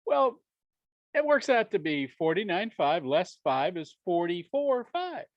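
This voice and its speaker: A man tells a business story to an audience in an animated way, his pitch swinging freely as he acts out each exchange and chuckles between lines. The sound is close and dry, with no room in it. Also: unhurried, no echo, dull audio. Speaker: speaker sharing a business story.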